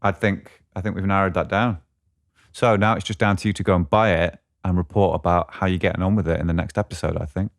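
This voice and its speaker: A man's voice: low voice, fairly even intonation, fast, creaky. A man co-hosting a podcast, chatting casually about guitar gear and often thinking aloud as he searches for words. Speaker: podcast co-host.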